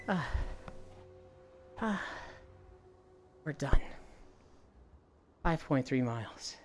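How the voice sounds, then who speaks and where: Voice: mid-range voice, animated, slow pace, pauses often, fairly bright tone, a little hiss or hum. Live streamer, casual chat, rambling, swears a lot, out on a walk.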